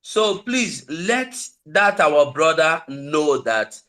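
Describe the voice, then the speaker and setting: A man's voice: on the high side, very animated, extremely slow, a bit bright. A Nigerian man with an accent mixing Pidgin into his English, giving an impassioned, preaching political talk on an online call. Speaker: invited speaker on an online call.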